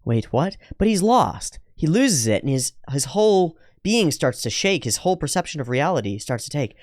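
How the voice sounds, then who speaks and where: A man hosting an anime reaction, narrating the scenes and mocking the characters in quick voices with frequent laughs. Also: a little high, sing-song, no room sound, clean studio sound. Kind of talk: casual commentary over an anime episode.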